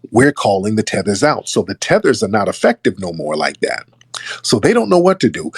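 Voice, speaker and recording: A man with a low, husky voice delivers casual political commentary in an emphatic, scornful way. The sound is close and dry, with no room echo. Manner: emphatic, scornful, mimics others. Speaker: online commentator.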